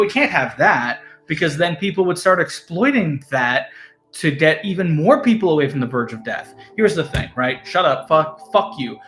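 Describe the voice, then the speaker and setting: Sarcastic, profane male commentator, fairly high voice, echoey room. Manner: sarcastic, profane, swings between loud and mumbled. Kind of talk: casual ranting monologue. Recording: echoey room, faint music.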